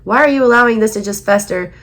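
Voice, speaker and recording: Hoarse Southern woman reading tarot. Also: a little high, fast talker, a bit bright. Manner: emphatic, repeats herself, urging viewers. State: voice going hoarse. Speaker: tarot reader.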